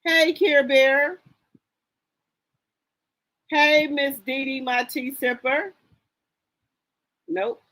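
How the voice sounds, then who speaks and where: Chatty higher-pitched woman streamer. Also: fairly even intonation, very slow, long pauses, a bit bright, poor audio. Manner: chatty and sassy, greets viewers by name. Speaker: live-stream host. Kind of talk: casual gossip commentary, reading chat aloud.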